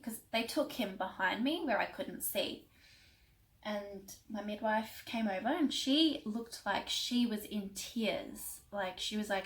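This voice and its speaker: A woman's voice: mid-range voice, fairly even intonation, a little slow, fairly bright tone, low-quality recording. Emotional young woman telling a story. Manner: emotional, rambling with many fillers. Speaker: vlogger. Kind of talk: casual storytelling.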